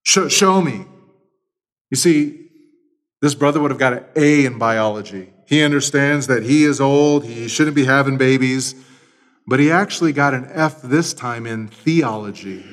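A man preaching an expository sermon, speaking emphatically, swinging between loud and quiet, and repeating key phrases. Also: medium pitch, normal speed. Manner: emphatic preaching with lively shifts in loudness. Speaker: pastor.

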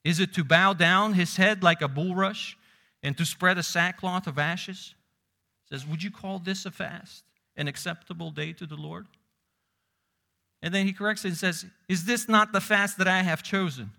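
A man preaching a sermon, moving between loud emphasis and hushed low asides, quoting scripture. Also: normal speed, vocal fry. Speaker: pastor.

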